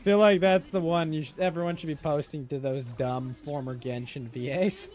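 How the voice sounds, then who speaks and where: A man's voice: fairly high pitch, moderate pace, a little mellow. A man hosting a casual stream, ranting and mocking in a crude, joking way with bursts of laughter. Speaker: streamer host. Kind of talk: casual livestream chat.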